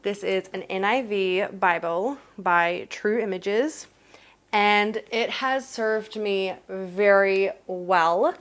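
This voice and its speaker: A young woman from New Zealand talks through a casual unboxing vlog at home. She sits at an ordinary, middle pitch and gushes often, slipping into gasps as she goes. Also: takes it slowly. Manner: excitable and gushing, with gasps. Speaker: vlogger.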